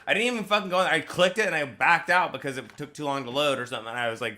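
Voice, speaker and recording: A man's voice: a little high, very fast, pushed and bright. A man who works as a process server, telling rambling, profane stories over an online voice call. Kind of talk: casual group call chat.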